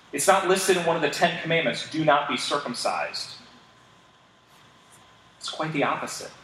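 A man delivers a sermon as pastor, earnest and emphatic, often pausing to ask his listeners rhetorical questions. His voice sits a little higher than most men's. He is recorded from some distance in an echoey hall with a faint hum of ambience behind him. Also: pushed and bright.

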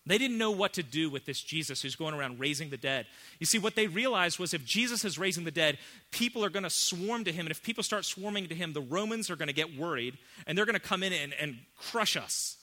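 A man preaching a sermon as pastor, emphatic, swinging between hushed and loud. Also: fairly high pitch, animated, brisk.

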